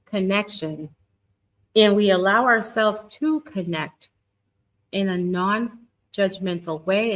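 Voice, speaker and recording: A woman's voice: mid-range voice, poor audio. A middle-aged woman coaching viewers in a live stream, talking to them directly in an encouraging way, with many restarts. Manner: warm, encouraging, talks straight to viewers. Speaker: twin flame guidance coach.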